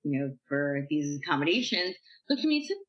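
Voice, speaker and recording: A woman guest on a podcast, telling stories from her life in a chatty, animated way, acting out what people said. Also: sits low, a little fast. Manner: chatty, animated, uses "like" a lot and acts out quotes. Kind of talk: casual storytelling interview. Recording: echoey room, slightly dull sound.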